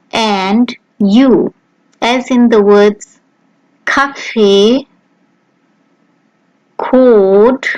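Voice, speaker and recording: A woman narrating a beginner language lesson, pronouncing each sound slowly and carefully. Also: a little high, no echo, rough recording. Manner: slow, careful, clearly spelled-out pronunciation. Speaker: language teacher. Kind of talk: slow scripted lesson narration.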